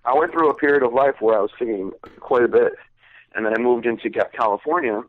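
A man's voice: medium pitch, fast, phone-quality sound. A man co-hosting a podcast in casual banter, joking, rambling and swearing freely. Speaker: co-host.

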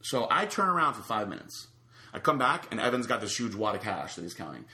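A storyteller guest, a man with a fairly low voice, spins a long anecdote casually and a bit quickly in a reverberant space. He's animated, acting out the other people's lines as he quotes them.

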